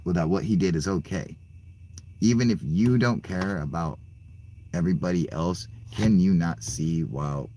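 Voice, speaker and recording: A man's voice: rumbling low, mellow, breathy edge. A young man hosting his own channel, ranting profanely in a rambling, stammering way and laughing between points. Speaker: channel host. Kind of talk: ranting casual monologue.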